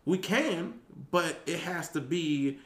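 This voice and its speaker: A man's voice: takes it slowly, reverberant, a little hiss or hum. A man, a youth detention worker, telling a story in casual chat and acting out the quotes with big jumps in his voice. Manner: animated, acts out quotes with big pitch jumps. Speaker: guest.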